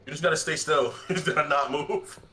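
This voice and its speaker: A man's voice: fairly high pitch, brisk, pushed and bright. A man in casual chat while gaming, teasing his friends with mock-menacing banter.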